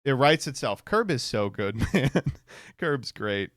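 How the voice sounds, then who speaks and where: A man streaming, reacting to posts in a casual, animated way, laughing often and swearing. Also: mid-range voice, unhurried, dry recording, clean studio sound.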